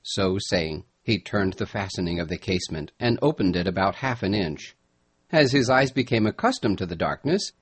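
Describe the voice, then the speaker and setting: A man narrating a storybook chapter in a measured storytelling voice. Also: on the low side, slightly rough. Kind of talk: audiobook narration.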